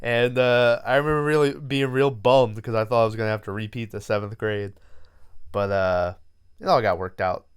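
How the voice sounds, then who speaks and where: A man's voice: mid-range voice, steady tone, moderate pace, clear, resonant tone. A young man, a podcast co-host, telling long rambling stories with lots of fillers and swearing in casual movie chat.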